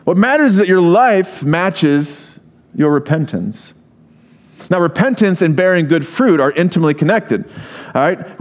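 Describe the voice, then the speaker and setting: Lively, animated male pastor. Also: high-pitched. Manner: conversational preaching with asides and humor; reads scripture aloud. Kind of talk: sermon.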